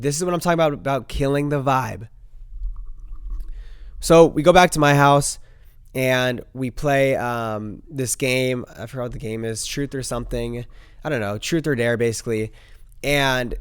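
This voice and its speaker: A man's voice: medium pitch, clear, resonant tone, no room sound, studio quality. A young man, a bit sick, hosting his vlog and telling a story casually, peppering his talk with "bro" and "like.". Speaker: host.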